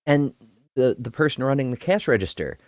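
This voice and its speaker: A man's voice: mid-range voice, lively intonation, brisk, darkish tone, no room sound, studio quality. A man from the Northeastern US hosting a casual debate review chat, telling stories and laughing often. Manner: chatty, storytelling, laughs often. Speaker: host.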